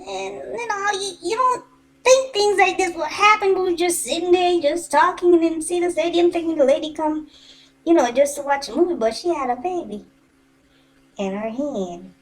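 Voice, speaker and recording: Woman, high-pitched voice, animated colloquial storytelling, swears freely. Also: moderate pace, low-quality recording. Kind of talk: casual storytelling testimony.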